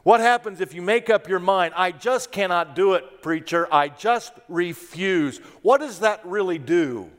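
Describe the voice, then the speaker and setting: A man's voice: sits high, long reverb tail. A man preaching a sermon as pastor, telling a story and talking directly to the congregation in a conversational way. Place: church sanctuary.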